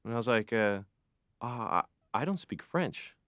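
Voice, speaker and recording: A man's voice: medium pitch, animated, normal speed, fairly bright tone, clean tone, no echo, studio quality, lightly acted. A man voicing a comedian in a cartoon, ranting about petty annoyances in an exasperated stand-up style. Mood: indignant. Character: ranting grumpy adult male comedian. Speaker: comedian patient. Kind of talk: animated stand-up monologue.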